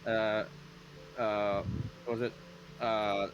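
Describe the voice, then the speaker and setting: A man's voice: lowish voice, level tone, very slow, lo-fi sound, noisy background. A young man narrating as game master for a tabletop game, talking in a loose, rambling way and often restarting his phrases.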